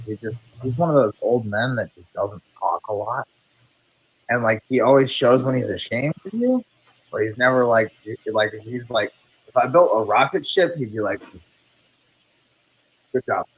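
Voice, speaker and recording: A man's voice: medium pitch, lively intonation, normal speed, slightly rough, rough recording. A man in casual conversation who talks loosely, swears, and laughs often. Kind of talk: casual chat.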